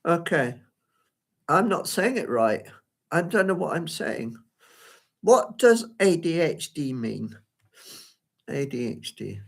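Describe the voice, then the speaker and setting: A man's voice: fairly high pitch, sing-song, slow pace, vocal fry, pauses often. A man giving a live solo performance at home, rambling and flustered as he talks to himself. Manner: rambling, flustered self-talk. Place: at home by a window.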